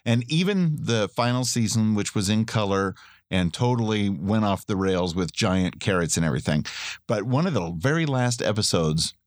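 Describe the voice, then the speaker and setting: Middle-aged male podcast co-host, low voice, dry close mic, rambling casual chat. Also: animated, normal speed, no room sound. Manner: chatty, rambling, laughs often.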